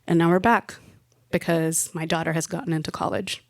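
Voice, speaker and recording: A careful father gives his kids their cover story in a calm, low voice, as a storyteller quotes him. The delivery stays close to the speaker's own dry, plain sound. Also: brisk, gravelly, no echo. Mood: coaching.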